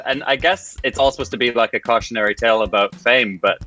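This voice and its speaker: A man giving a casual film review, telling stories in an expressive way and laughing often. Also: medium pitch, fast talker, soft background music. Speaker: guest reviewer.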